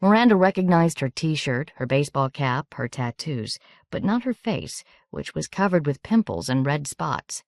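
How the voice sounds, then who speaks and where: Low-voiced woman reading an audiobook. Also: big pitch swings, normal speed, dry recording, clean studio sound. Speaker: audiobook narrator. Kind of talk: scripted audiobook narration.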